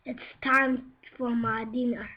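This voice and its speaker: A woman's voice: fairly high pitch, little pitch movement, slow. A woman reading a storybook aloud, voicing a big bad wolf who gloats over his dinner and then cries out in panic. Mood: gloating. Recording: dull lo-fi recording.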